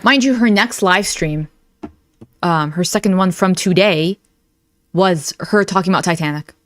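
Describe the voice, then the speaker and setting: A woman's voice: lowish voice, a little slow, no echo, studio quality. A woman hosting a reaction video, giving sarcastic commentary and laughing at her own remarks.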